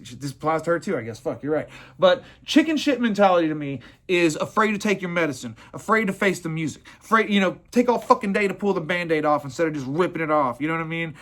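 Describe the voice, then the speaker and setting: A man's voice: high-pitched, fairly bright tone. A man who owns a plumbing business, giving a blunt, profane, rambling motivational talk.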